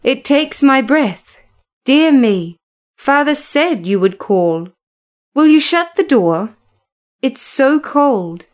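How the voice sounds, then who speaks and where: Lady doing a whiny sick teen boy in a storybook, kinda high voice, fretful. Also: animated, takes it slowly. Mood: peevish. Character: sickly peevish teenage boy invalid.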